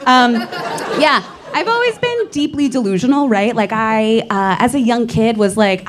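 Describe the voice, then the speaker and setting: On a comedy club stage, a young woman performs stand-up, poking fun at herself playfully and frequently laughing. Her voice sits on the high side with big pitch swings at normal speed, and some chatter can be heard behind her.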